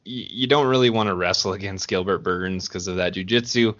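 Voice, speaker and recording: Low-voiced man, rambling betting talk. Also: fairly quick. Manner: relaxed, rambling, restarts often. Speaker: podcast co-host. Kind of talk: casual betting chat. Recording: dull lo-fi audio.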